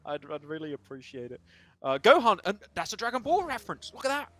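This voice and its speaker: A man casting a live esports match in a chatty, excitable way, laughing often. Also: high-pitched, fast talker, dry recording. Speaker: esports caster.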